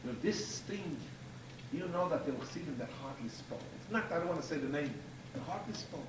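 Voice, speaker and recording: A man's voice: a little high, lively intonation, brisk. A man giving a rabbinic lecture to an audience, emphatic and repeating key phrases for force. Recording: echoey room, distant mic, faint hiss.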